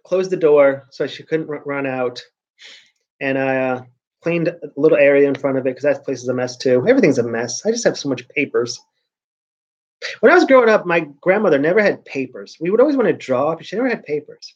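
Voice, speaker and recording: A man's voice: a little high, darkish tone, lo-fi sound. A man hosting his own vlog in casual chat, rambling along with frequent restarts and sentences that trail off. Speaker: vlogger host.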